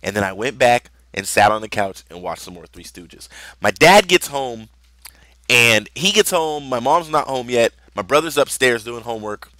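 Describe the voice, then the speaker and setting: A man's voice: medium pitch, animated, moderate pace, sharp tone, no echo. A young man telling a personal story in a rambling, conversational way, with lots of fillers. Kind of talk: casual storytelling vlog.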